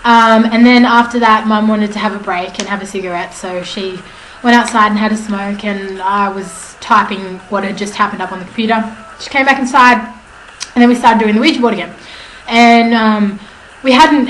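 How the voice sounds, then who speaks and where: A woman's voice: mid-range voice, a bit bright. A young woman vlogging at home, telling a story to camera in a chatty, rambling way with lots of fillers and self-corrections. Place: at home indoors. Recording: echoey room with faint background noise.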